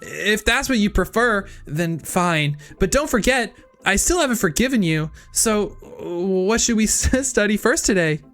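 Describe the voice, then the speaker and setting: A man doing a high, stammering anime-hero student. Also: lively intonation, a little slow, hardly any pauses, fairly bright tone, soft background music, heavily acted. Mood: sulky. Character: nervous young male student, stammering and flustered. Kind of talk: dramatic reading of game text.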